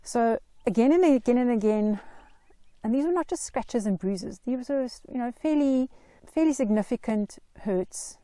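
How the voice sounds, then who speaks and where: A middle-aged woman earnestly telling her own life story in a slow, reflective way. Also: a little high, animated, warm tone, dry recording. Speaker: Christian mental health vlogger. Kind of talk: personal story told to camera.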